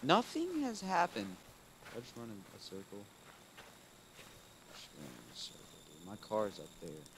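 A man hosting a gaming video, commenting casually as he plays, calling out "dude" often and swinging between muttering and loud frustrated outbursts. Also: low voice, animated, moderate pace, creaky, pauses often, a little hiss or hum, poor audio. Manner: casual, keeps saying "dude". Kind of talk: let's play commentary.

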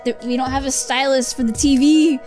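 A woman's voice: high voice, fairly even intonation, a little fast, darkish tone, faint music behind. A woman chatting casually over a game, laughing constantly. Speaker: let's play co-host. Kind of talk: casual gaming chat.

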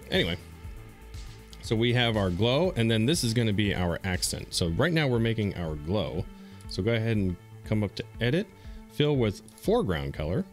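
Low-voiced guy doing a screen tutorial, bouncy intonation, chill and step by step, faint music behind. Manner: relaxed, step-by-step, with fillers and repeats. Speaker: streamer teaching a design tutorial. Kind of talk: screen-recorded software tutorial.

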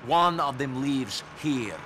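An actor playing a hardened war veteran in a game, talking in a grim, dry, deadpan way. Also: male voice, mid-range voice, takes it slowly, noisy background. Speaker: game protagonist.

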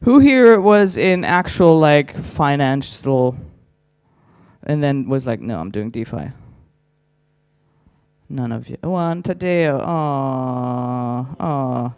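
A man's voice: on the high side, very animated, slow pace, pauses often, darkish tone, clean tone, no room sound, studio quality. A man doing stand-up on a conference stage, teasing the audience with crude, chatty crowd work. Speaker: stand-up comedian.

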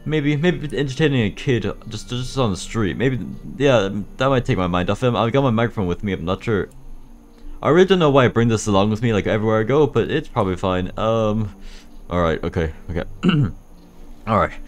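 A man's voice: fairly low pitch, lively intonation, a little fast, close to an everyday voice. Freddy, a man doing a whiny lost animatronic bear. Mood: nervous. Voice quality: stammering, whiny. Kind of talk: game machinima voice acting.

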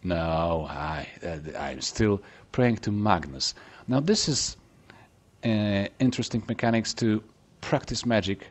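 A man's voice: fairly low pitch, takes it slowly. A man hosting a let's play, chatty, joking and self-deprecating, talking back to the game's characters. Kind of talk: casual game commentary.

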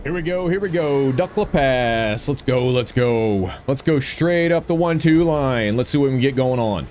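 A man's voice: mid-range voice, lively intonation, moderate pace, a little mellow, a little hiss or hum. A man giving upbeat gameplay commentary and cheering on his own shots. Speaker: gaming video creator.

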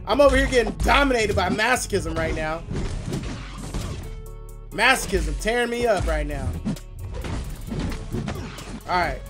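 A man streaming a mobile game live, excitably commenting, shouting and laughing at his opponent in slangy, playful talk. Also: high voice, measured pace, long pauses, over music.

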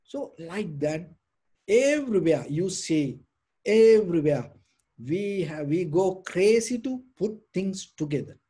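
Soft, husky-voiced man teaching meditation. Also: a little high. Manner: rambling, many restarts and "you know" fillers. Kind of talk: informal dharma talk.

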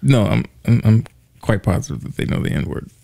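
A man co-hosting a podcast, with a very deep voice full of gravelly fry and a dark, mellow tone. He teases and asks pointed questions, recorded close up in a dry room. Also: animated, a little fast, no room sound. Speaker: podcast co-host. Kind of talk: casual chat.

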